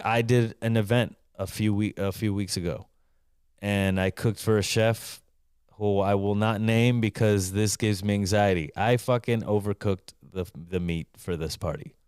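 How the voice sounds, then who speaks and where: Chef guy swearing thru a kitchen war story, lowish voice, smooth and dry. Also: darkish tone, no room sound. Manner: profane, emphatic, repeats "right?" to the listener. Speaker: chef hosting a live call-in show. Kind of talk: casual storytelling.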